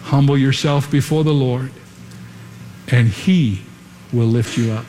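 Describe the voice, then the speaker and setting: A man preaching a sermon in an earnest, measured way, building to emphatic repeated lines. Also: medium pitch, mellow, slight background noise. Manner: earnest preaching with dramatic pauses and quoted whispers. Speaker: pastor. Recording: long hall reverb, faint ambience.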